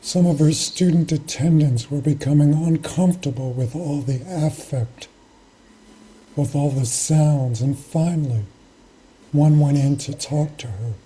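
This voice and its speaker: A Zen teacher tells a teaching story in a slow, unhurried way. The voice is mellow and soft-edged, and the delivery is measured and reflective, pausing between phrases. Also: mid-range voice, slightly rough, rough recording. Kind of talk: storytelling sermon.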